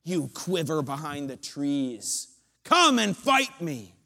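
A preacher acting out a huge, arrogant and angry warrior shouting slow taunts in a sermon. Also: male voice, on the high side, very animated, gravelly, pitched below the performer's own voice, full character voice. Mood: taunting.

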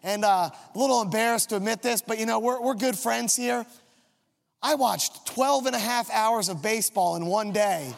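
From the pulpit, a male pastor with a high, gravelly voice shares a self-mocking story about his family at a normal speed. A long reverb from the large hall trails his sermon.

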